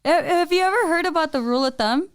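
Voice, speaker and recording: A young woman co-hosting a podcast, telling animated stories about growing up and acting out her parents' lines. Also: very high voice, fast, no room sound, studio quality. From Mexican-American family. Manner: animated storyteller, acts out parents' lines, lots of "like". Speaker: podcast co-host. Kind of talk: casual chat.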